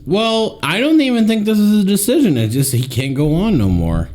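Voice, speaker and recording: A man's voice: high-pitched, moderate pace, a little hiss or hum. A man co-hosting a casual podcast, joking around and swearing freely. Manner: animated, jokey, swears a lot, puts on mock voices. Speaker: podcast co-host. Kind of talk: casual chat.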